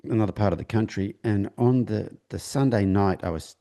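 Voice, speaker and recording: A man, a horse trainer and interview guest, telling a long personal story in conversation with a halting delivery, many restarts and acted-out dialogue. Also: fairly low pitch, dark tone.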